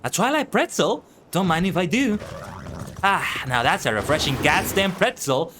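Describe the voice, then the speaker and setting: A man's voice: high voice, expressive, moderate pace, noisy background, pitched above the performer's own voice. A man doing a weary, melodramatic sentry. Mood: relieved. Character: weary, overheated male sentry.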